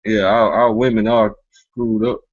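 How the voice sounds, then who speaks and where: A man's voice: lowish voice, little pitch movement, unhurried, muffled recording. A man hosting a casual commentary chat, mocking and laughing often, speaking in loose street slang. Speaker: commentary show host.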